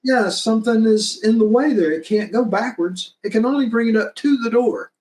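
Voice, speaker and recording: A man's voice: high-pitched, normal speed, darkish tone. A man talking enthusiastically about producing his fan film episodes, rambling and laughing now and then. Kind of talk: casual interview chat. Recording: roomy echo.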